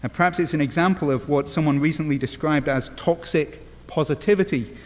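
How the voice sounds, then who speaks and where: A man's voice: fairly high pitch, brisk, big-room sound. A man from England with an English accent, preaching an earnest sermon with wry asides and frequent "uh" fillers. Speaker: pastor.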